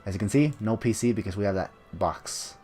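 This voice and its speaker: A man's voice: on the low side, a little fast, dark tone, soft background music. A man giving casual let's-play commentary, offhand and rambling with joking asides. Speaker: gameplay commentator.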